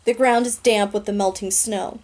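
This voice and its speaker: Woman reading a book out loud, earnest and steady, soft mellow voice. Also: mid-range voice, normal speed. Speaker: audiobook reader. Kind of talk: reading a novel aloud.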